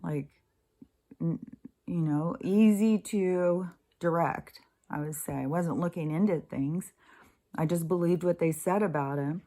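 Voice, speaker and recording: Blunt, low-voiced woman vlogger. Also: a little slow, warm tone. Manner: blunt, emphatic, swears freely, acts out others' lines in a mocking voice. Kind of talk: casual monologue to camera.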